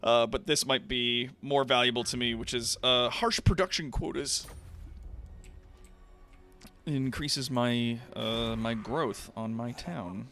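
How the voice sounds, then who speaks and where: A man's voice: mid-range voice, takes it slowly, pushed and bright, faint music behind. A man streaming a strategy game, talking casually through his moves, laughing often and swearing now and then. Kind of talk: casual gameplay commentary.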